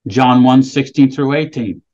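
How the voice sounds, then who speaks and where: A man's voice: mid-range voice, a little slow, a little mellow, highs cut off. A man preaching a sermon, reading scripture aloud with rising emphasis and then explaining it plainly. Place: California, speaking remotely.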